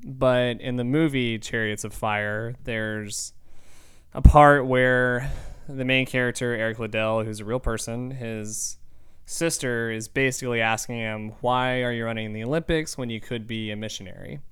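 Podcast host, young male, earnest and reflective, very clean resonant voice, mid-pitched. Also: steady tone, normal speed, clean tone. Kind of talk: casual monologue.

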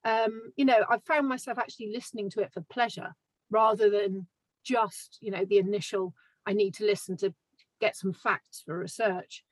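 A woman author being interviewed as a podcast guest, talking in a relaxed, reflective way with lots of fillers and small laughs. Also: medium pitch, moderate pace, no echo, poor audio. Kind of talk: casual podcast chat.

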